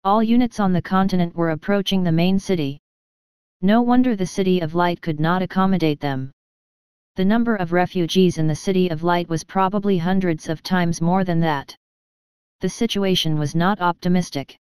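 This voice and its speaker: A woman narrating an audiobook in a steady, even storytelling manner. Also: fairly low pitch, normal speed, clean tone, no room sound. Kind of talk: scripted narration.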